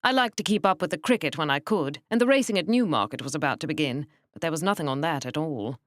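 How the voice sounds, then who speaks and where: A woman narrating a mystery audiobook in a measured, wry manner. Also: sits low, lively intonation, no echo, studio quality. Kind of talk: scripted narration.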